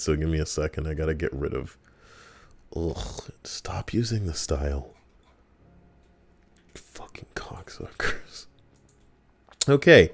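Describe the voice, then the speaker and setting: A man's voice: fairly low pitch, darkish tone. A young man streaming casually, teasing and arguing with plenty of swearing. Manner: profane, teasing, argumentative. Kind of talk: casual live-stream chat.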